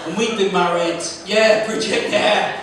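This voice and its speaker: A man's voice: high-pitched, steady tone, a little slow. A middle-aged man from Gloucester doing a stand-up set, swearing freely and bantering with the crowd. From Gloucester, England. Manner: swearing, chatty crowd work with the audience. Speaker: stand-up comedian. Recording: echoey club, far mic, crowd noise.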